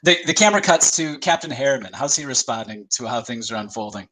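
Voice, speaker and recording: Bright-voiced male game master. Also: medium pitch, expressive, rough recording. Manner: quick narration full of "like" and "uh". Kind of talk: narrating a tabletop game.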